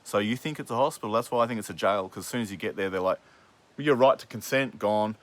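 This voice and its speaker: A man's voice: on the low side, racing, fairly bright tone. A man hosting a podcast who argues angrily with his father, swearing often and talking over him. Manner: angry and swearing, talking over the other speaker. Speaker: podcast host. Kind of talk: heated family argument.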